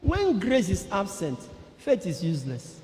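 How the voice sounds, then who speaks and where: A man's voice: high-pitched, huge pitch swings, measured pace, mellow. A man preaching a sermon with emphatic, rising delivery. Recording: echoey hall.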